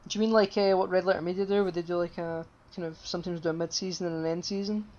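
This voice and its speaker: A woman co-hosting a casual podcast talks fast in a lowish, darkish voice with fairly even intonation, rambling along with plenty of fillers and offhand swearing. It's a dull, lo-fi recording from a home podcast mic that carries a buzz.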